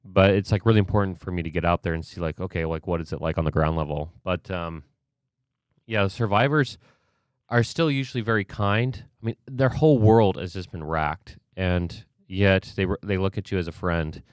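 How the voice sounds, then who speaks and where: A man's voice: sits low, normal speed, no room sound, clean studio sound. A man, an emergency response expert guest, speaking reflectively with many filler words. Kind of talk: conversational interview.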